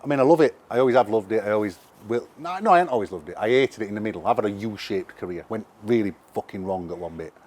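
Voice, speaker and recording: A middle-aged man with a Sheffield accent, a musician telling animated, sweary anecdotes in a casual interview. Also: fairly low pitch, racing, hardly any pauses. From England. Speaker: musician guest.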